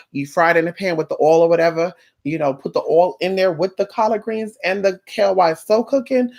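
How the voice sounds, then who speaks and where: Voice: mid-range voice, creaky. A spiritual worker talking straight to camera in a casual vlog, blunt and profane, now and then acting out the clients in little voices.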